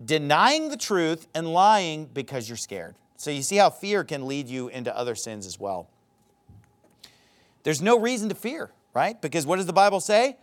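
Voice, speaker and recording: Speaking at normal speed, a pastor with a high, lively voice delivers a sermon. He reads from scripture and mockingly acts out characters' lines, his pitch rising and swooping with every point he presses.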